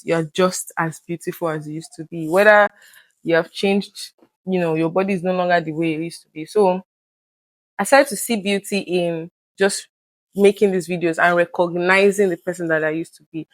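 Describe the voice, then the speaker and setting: Earnest and open, this female guest shares personal matters candidly, frequently acting out old conversations in lively quoted voices. Her voice sits on the low side, her pace is moderate, and the recording is dry.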